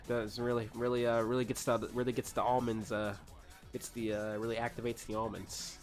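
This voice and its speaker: A man's voice: medium pitch, level tone, brisk, soft background music. A man reading fanfiction aloud and breaking off for sarcastic, swearing commentary, stumbling over words now and then.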